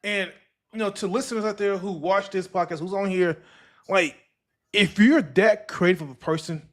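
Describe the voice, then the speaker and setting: A man hosts a casual podcast, voice sitting a touch high for a man. He talks loosely and rambles, circling back and restarting his thoughts. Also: normal speed. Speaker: podcast host.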